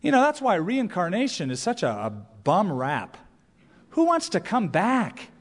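Pastor guy preaching, kinda high voice, big church echo, lively and jokey. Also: measured pace. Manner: animated, playful asides and mock voices. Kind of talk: sermon. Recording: long church reverb.

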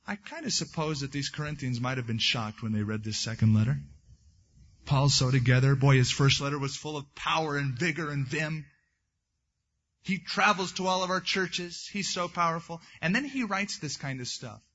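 A man's voice: on the high side, moderate pace, a bit bright, lo-fi sound. A man preaching a sermon as a pastor, reading scripture aloud and then breaking into conversational asides.

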